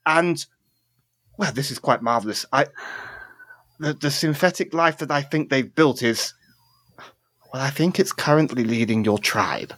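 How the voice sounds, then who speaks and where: A man's voice: medium pitch, unhurried, pauses often, a bit bright, no room sound. A man voicing a fussy, verbose male halfling scholar who rambles, stammers and talks formally in a tabletop game. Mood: rambling.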